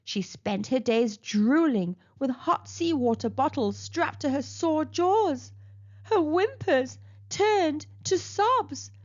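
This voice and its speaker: Playful woman storyteller reading a picture book, high-pitched and slow, dull recording. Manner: expressive, playful. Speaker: children's storyteller. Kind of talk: picture book read-aloud.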